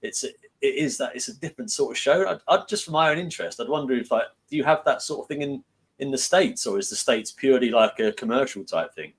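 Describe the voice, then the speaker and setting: A man's voice: mid-range voice, quick pace, slightly rough. A British man, a guest on an online panel, chatting in a rambling, hesitant way. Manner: rambling, hesitant, lots of restarts. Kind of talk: casual panel chat.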